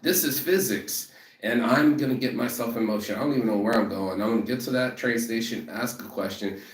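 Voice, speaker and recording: A man's voice: mid-range voice, brisk. A man in a profane motivational rant about rejection, emphatic and repetitive, who says he is walking toward a train station. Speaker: vlogger. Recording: echoey, from a distance.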